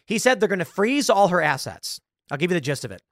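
Animated man telling a story. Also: high-pitched, fast talker, vocal fry, dry recording, studio quality. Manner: animated, sarcastic storytelling, acting out quoted voices. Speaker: podcast host. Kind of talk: casual commentary.

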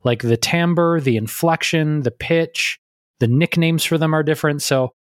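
A man's voice: fairly high pitch, a little slow, dry recording, clean studio sound. A man co-hosting a podcast, chatting casually and playfully with a co-host on a remote call. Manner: playful, breaks into silly pet voices.

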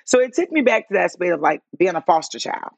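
A woman's voice: lowish voice, fairly quick, vocal fry, no room sound. A woman chatting as a podcast guest, telling stories with lots of swearing and laughter. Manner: profane, laughing, animated storyteller. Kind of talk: casual interview chat.

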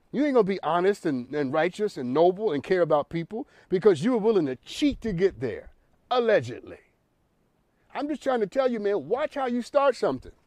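A man's voice: high voice, a little mellow, no room sound. A man hosting a talk show, delivering an emphatic, preachy monologue that repeats lines for effect.

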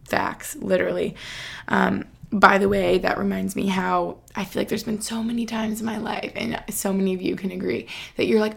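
A woman's voice: medium pitch, little pitch movement, moderate pace, vocal fry, a bit bright, breathy edge. A young woman hosting a podcast, chatting casually and emotionally, reading her own post aloud with lots of "like.". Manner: chatty, emotional, heavy use of "like". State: close to tears. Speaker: podcast host.

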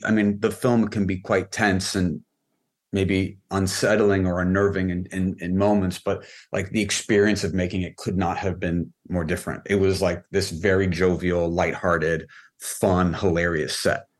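Low-voiced man chatting loosely. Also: moderate pace. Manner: relaxed, rambling, frequent "like" fillers. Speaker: film and music video director, guest. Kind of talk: casual podcast conversation.

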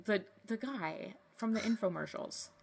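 A woman co-hosting a podcast in casual chat, gushing and excitable, often restarting her sentences. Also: medium pitch, a little slow, creaky, breathy edge. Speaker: podcast co-host.

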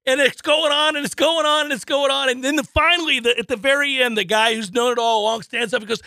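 Animated high-voiced sports talk man. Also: fast talker, few pauses, no room sound, studio quality. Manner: animated storyteller, acts out voices, laughs often. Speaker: sports radio co-host.

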